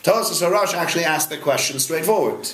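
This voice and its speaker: A man, a rabbi, teaching a Talmud class in a study hall, firing questions at his students in a lively way. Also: on the high side, fairly quick. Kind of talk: interactive Talmud lesson.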